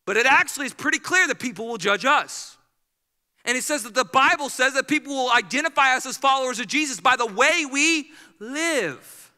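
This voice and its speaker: Energetic male preacher, tense and bright tone, echoing church sanctuary sound. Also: extremely high pitch, normal speed. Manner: energetic, preachy, acts out quoted people. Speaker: pastor. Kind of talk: sermon. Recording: hall reverb.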